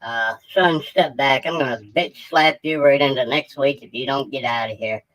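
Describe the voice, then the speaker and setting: A man voicing a short-tempered male police officer in a parody voice-over, his voice sped up into a chipmunk pitch. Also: moderate pace, fairly bright tone, low-quality recording. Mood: threatening. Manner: blunt, threatening. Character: gruff male cop, short-tempered, threatening. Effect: sped-up chipmunk pitch shift.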